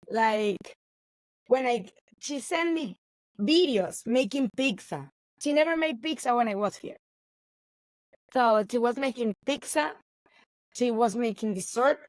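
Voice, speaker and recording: A woman, a baker chatting in an interview, animated and laughing often. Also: fairly high pitch, takes it slowly, no echo, poor audio. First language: Spanish. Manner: animated, laughs often, non-native grammar. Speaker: baker and guest. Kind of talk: casual interview chat.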